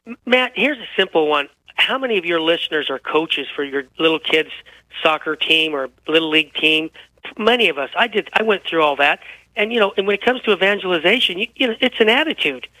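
A man guesting on a radio talk show, telling stories with lively energy while feeling unwell. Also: high-pitched, fairly quick, no room sound, rough recording. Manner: energetic, animated storyteller. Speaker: guest, author. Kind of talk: radio interview, storytelling.

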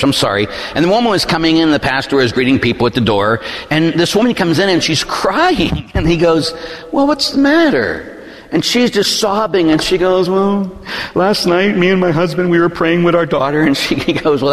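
Pastor guy preaching, voice jumps all over, slightly high, church echo. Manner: animated preacher acting out voices in anecdotes, drops to low intense tones for emphasis. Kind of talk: sermon. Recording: church hall reverb.

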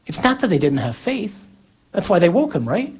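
A man preaching a sermon in an earnest, emphatic way, with slow, deliberate pauses between phrases. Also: high voice, sing-song, darkish tone, breathy edge.

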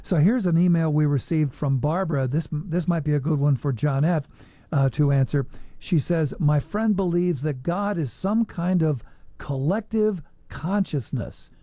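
A man's voice: fairly high pitch, warm tone, no echo. A man hosting a call-in radio show, reading listener emails and wrapping up the hour with station notes. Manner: friendly, reads emails, brisk wrap-ups. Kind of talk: radio host chat.

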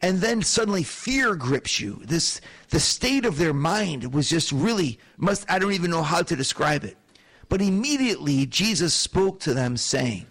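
A man with a notably high voice teaches from scripture in an animated, storytelling way. He paints the scene for his listeners and keeps asking them rhetorical questions. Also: moderate pace, slightly rough. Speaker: preacher. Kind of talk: sermon-style Bible teaching.

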